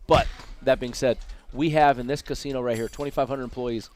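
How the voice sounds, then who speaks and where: A man from Las Vegas telling lively anecdotes as a dinner guest, acting out the people he quotes, in a casino restaurant. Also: mid-range voice, brisk. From Las Vegas, USA. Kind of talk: casual storytelling over dinner.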